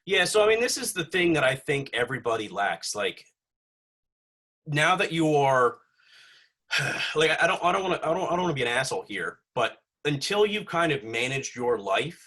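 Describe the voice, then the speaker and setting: A man's voice: fairly high pitch, sing-song, moderate pace, bright, forceful tone. A young man hosting a podcast, chatting casually and rambling with lots of fillers and swearing. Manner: rambling, profane, filler-heavy. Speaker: podcast host.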